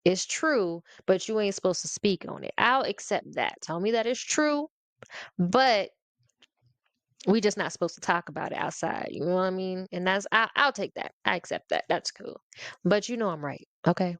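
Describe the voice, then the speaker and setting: A woman's voice: mid-range voice, animated, moderate pace, fairly bright tone, no echo. A woman hosting her own show, ranting in a casual, sassy and playful way, laughing often as she talks straight to her audience. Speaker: podcast host. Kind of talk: casual comedic rant to the audience.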